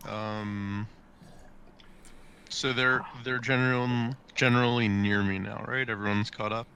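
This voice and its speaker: A man's voice: fairly low pitch, level tone, measured pace, sharp tone, slight background noise. A man playing in an online tabletop game, wry and dry in his remarks. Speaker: player. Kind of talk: casual game chat.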